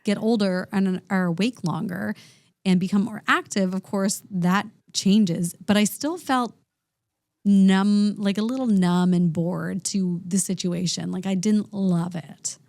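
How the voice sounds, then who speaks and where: A woman's voice: medium pitch, steady tone, a little slow, gravelly, darkish tone, no room sound. A woman in her thirties hosting a podcast, talking openly and frankly in a casual chat. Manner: open, chatty, frank.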